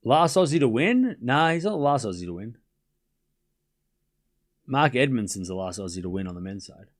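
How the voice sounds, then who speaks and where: A man's voice: mid-range voice, sing-song, normal speed. A man hosting a live tennis watchalong stream, chatting casually and sarcastically teasing viewers, rambling with restarts.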